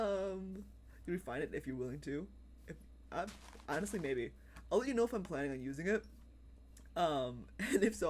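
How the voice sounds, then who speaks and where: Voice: medium pitch, a little mellow, a little hiss or hum. A livestreamer chatting casually while playing a game, rambling, repeating phrases and laughing often. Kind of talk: casual live-stream chat while gaming.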